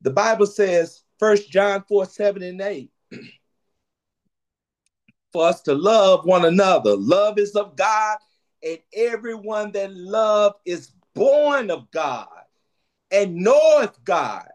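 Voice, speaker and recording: Lively, high-voiced male preacher. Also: slow pace. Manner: lively, preacherly, repeating phrases for emphasis. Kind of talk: sermon.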